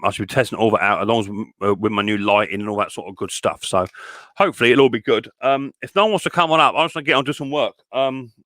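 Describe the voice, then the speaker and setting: A man's voice: lowish voice, a bit bright, dry recording, clean studio sound. A middle-aged man, hosting a casual livestream and chatting to viewers in a rambling way full of fillers and restarts. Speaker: livestream host and mower repairer.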